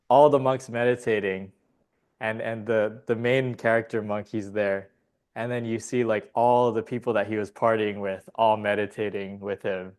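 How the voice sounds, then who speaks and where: Laid-back, laughing male podcast guest. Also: on the low side. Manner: rambling storyteller, laughs often, swears. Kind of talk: casual podcast conversation.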